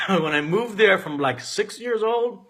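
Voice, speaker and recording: Bright-voiced, emphatic man telling his story. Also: sits high, lively intonation, takes it slowly. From Canada. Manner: emphatic, profane, swings from loud to quiet. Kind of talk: candid personal storytelling.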